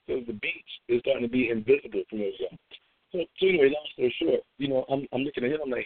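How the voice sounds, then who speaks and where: Gravelly man giving a devotional talk. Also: mid-range voice, fast talker, no echo. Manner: storytelling, chatty, with fillers and repeats. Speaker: devotional host. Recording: phone-like dry recording.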